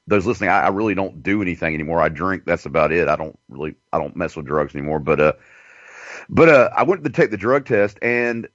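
A man's voice: fairly low pitch, a bit bright, no echo. A man telling a long story in casual chat, rambling and profane. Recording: dull dry lo-fi recording.

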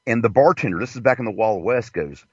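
Man, crude stand-up rambling, lively swooping voice, dull lo-fi sound, dry car interior. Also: on the low side, quick pace, husky, no room sound. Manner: rambling, profane, jokey. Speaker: comedian host. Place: inside a parked car.

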